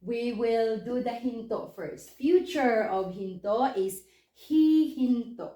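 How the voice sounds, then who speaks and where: A woman's voice: on the high side, takes it slowly, warm tone, roomy sound. A woman teaching a language lesson, patiently explaining step by step and checking in with questions. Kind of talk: spoken lesson.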